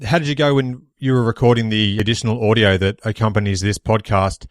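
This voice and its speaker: Low, flat-voiced host. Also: male voice, brisk, no echo, clean studio sound. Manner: earnest, wordy questioning with fillers. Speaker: podcast host. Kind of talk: interview questions.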